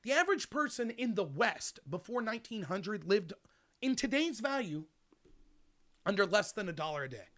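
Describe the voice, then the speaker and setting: A man's voice: high voice, moderate pace. A man hosting a political talk show, giving an opinionated monologue and speaking straight to his listeners. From United States. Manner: animated, opinionated, addresses listeners directly. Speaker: host.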